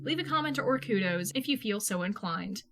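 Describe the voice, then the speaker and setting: A woman reading fan fiction aloud in a casual, lively manner, swearing freely. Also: mid-range voice, normal speed, noisy background. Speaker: podfic reader. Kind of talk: fan fiction audiobook narration.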